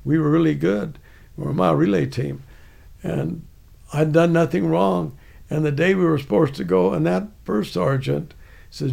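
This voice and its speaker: Gravelly older man telling stories. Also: fairly high pitch, moderate pace, darkish tone. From United States. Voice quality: gravelly, raspy. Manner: rambling, many restarts. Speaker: guest, army veteran. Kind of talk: casual storytelling.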